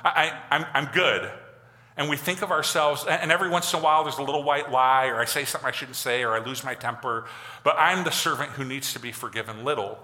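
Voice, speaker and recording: A pastor giving a conversational, animated sermon, acting out quotes as he goes. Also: mid-range voice, fast talker. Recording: long hall reverb.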